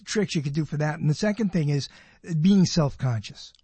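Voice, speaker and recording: A man's voice: fairly high pitch, expressive, normal speed, mellow, husky, dry recording. A man hosting a talk show, chatting casually and thinking aloud with frequent restarts. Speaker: radio show host. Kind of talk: casual conversation.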